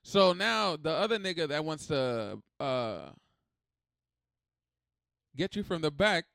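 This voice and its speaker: A man hosting a reaction video, talking in a rambling, animated, swearing way. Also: fairly high pitch, slow, vocal fry, no room sound, clean studio sound. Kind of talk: casual reaction commentary.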